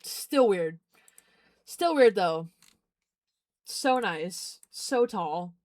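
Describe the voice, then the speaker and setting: A woman's voice: medium pitch, lively intonation, very slow, a little mellow, no room sound. A young adult woman streamer chatting casually, rambling, giggling often, and repeating herself. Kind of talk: casual chat.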